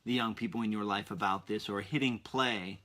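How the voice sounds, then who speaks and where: Pushed and bright, his lowish voice holds a steady tone at a slightly fast clip as this thirty-something podcast host talks to children. He addresses his young audience directly with upbeat enthusiasm.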